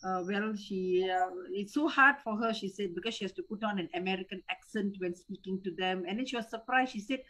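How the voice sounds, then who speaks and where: Calling in with a question, a middle-aged Malaysian woman speaks to her teacher in Malaysian English, respectful and hesitant, often repeating words as she restarts. Her mid-range voice is a bit bright and a little fast, with hardly any pauses, in a rough recording of what is a casual chat.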